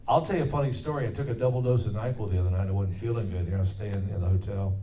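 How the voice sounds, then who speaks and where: A man's voice: on the low side, very fast, warm tone. A middle-aged man, a voice actor at a convention Q&A, telling easygoing, self-deprecating stories with fillers. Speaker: voice actor guest at a Q&A panel. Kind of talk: casual anecdotal storytelling. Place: comic convention panel room. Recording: roomy hall, mic from a distance.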